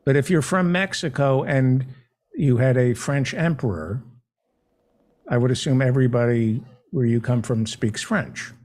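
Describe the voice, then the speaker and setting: A man hosting a comedy talk show, joking in a deadpan, mock-naive way. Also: mid-range voice, unhurried. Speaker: show host.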